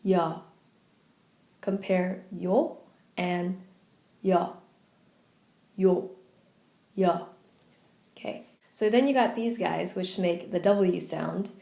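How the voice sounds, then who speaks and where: A woman teaching pronunciation in an upbeat, encouraging way, saying each sound slowly and repeating it for the listener to copy. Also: on the low side, vocal fry, warm tone, reverberant. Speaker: language tutor.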